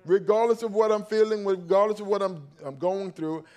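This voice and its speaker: A male pastor preaching a sermon, calling out to his congregation and swinging from loud emphatic peaks to low quiet stretches. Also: brisk, soft background music. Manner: calls out to the congregation for response.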